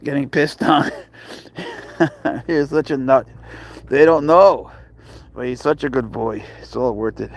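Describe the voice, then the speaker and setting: A man chatting casually on a live stream, swearing freely, laughing often and slipping into soft baby talk with his pet. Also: medium pitch, slow pace, long pauses, low-quality recording.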